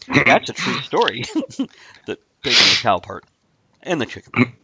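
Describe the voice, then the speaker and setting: A man hosting a casual talk show, telling a rambling shaggy-dog story with deadpan asides. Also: mid-range voice, moderate pace, slight background noise, poor audio.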